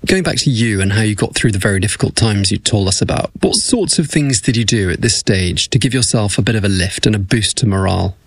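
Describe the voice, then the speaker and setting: A man interviewing a patient, asking gentle, measured questions. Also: fairly low pitch, animated, breathy edge.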